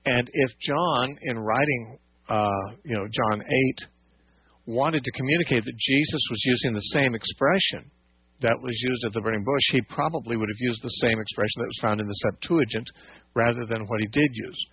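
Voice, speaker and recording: A man's voice: medium pitch, moderate pace, slightly rough, no room sound. A man hosting a call-in radio show, patiently explaining scripture with frequent fillers and restarts. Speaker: radio Bible teacher and call-in host. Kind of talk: call-in radio Bible teaching. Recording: dry phone-like radio audio.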